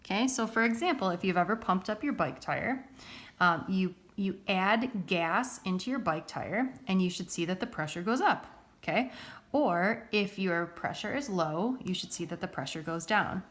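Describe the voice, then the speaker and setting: A woman's voice: mid-range voice, lively intonation, moderate pace. A woman teaching a recorded science lesson in a casual, chatty way, often checking in with the listener.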